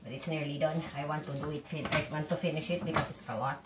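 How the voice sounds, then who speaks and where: Woman vlogger, blunt and defiant, low voice, recorded from across a noisy, echoey kitchen. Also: steady tone, fast. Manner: blunt, swearing, defiant rants between chores. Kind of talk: casual cooking vlog rant. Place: home kitchen, echoey room, away from the mic. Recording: echoey room, far from mic, loud background noise. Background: kitchen clatter of pots and dishes.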